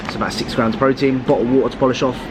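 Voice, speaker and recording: A man's voice: medium pitch, fairly even intonation, racing, over loud music. A man talking casually in a vlog, blunt and rambling, swearing freely. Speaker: fitness vlogger and coach.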